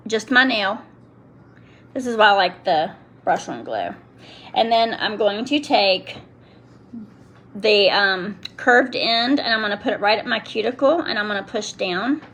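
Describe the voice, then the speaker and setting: A woman's voice: medium pitch, lively intonation, normal speed, a bit bright, a little hiss or hum. A middle-aged woman chatting casually while demonstrating a product to viewers, often breaking off mid-sentence. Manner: chatty, self-interrupting, talks to viewers and kids. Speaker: nail product seller demonstrating on a live stream.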